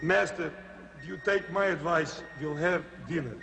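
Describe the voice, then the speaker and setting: An actor playing a fawning male servant to his master, with a croaking voice, in a TV comedy. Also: on the high side, measured pace, in a large hall, noisy background. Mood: servile. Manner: fawning, dutiful.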